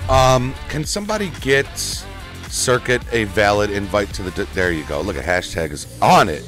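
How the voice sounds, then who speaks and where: A man chatting casually with viewers while he streams a racing game, excitable and prone to sudden shouts into his desk microphone. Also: lowish voice, normal speed, faint music behind. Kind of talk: casual live-stream chat.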